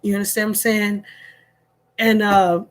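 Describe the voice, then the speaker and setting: A middle-aged woman, telling a casual story to her vlog audience. She is animated, laughs often and repeats herself. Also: medium pitch, normal speed. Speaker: vlogger.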